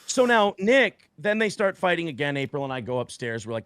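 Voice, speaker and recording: A man's voice: a little high, a little fast, clean tone, no room sound. A man in his forties telling a story on a stream in blunt, profane language, acting out what others said. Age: 40s. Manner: blunt, profane, animated retelling with quoted voices. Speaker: guest.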